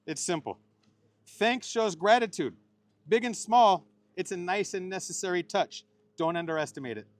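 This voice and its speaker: In this wedding ceremony speech, a middle-aged man officiates as the bride's uncle at a normal speed, his voice sitting high. He drops joking, playful asides between pieces of heartfelt advice.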